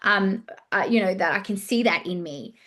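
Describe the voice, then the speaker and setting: A woman's voice: mid-range voice, normal speed, fairly bright tone. A woman hosting a casual solo podcast on relationships, talking loosely, swearing freely and acting out listeners' inner thoughts. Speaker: podcast host and relationship coach.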